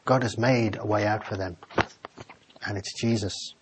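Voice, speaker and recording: A man preaching a Bible-study sermon in a small office meeting room. He reads scripture aloud and builds to fervent, loud exclamations. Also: on the low side, steady tone, measured pace, noisy background.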